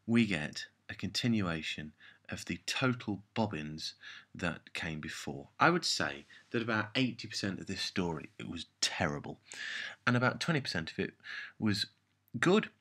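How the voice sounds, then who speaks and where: Exasperated husky-voiced man reviewing. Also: low-pitched, sing-song, measured pace, pauses often, fairly bright tone. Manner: exasperated, rambling, sarcastic. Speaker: show reviewer. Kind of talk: casual review monologue.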